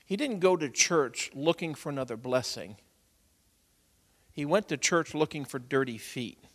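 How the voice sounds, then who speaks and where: A male pastor preaching in a church sanctuary, his voice sitting a little high for a man. He tells stories softly, then presses his point loudly and urgently. A long reverb trails behind every phrase. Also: animated, measured pace. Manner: builds from quiet storytelling to loud urgent preaching. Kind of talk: sermon.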